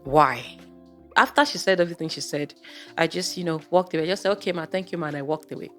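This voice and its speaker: Woman vlogger, low voice, chatty and exasperated, faint music underneath. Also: quick pace, a bit bright. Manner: chatty, exasperated, rhetorical questions. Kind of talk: casual storytelling monologue.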